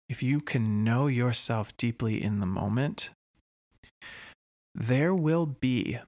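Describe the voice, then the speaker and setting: A man hosting his own podcast, talking slowly and earnestly in a reflective solo monologue with long pauses. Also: lowish voice, creaky, no room sound, clean studio sound. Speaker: podcast host.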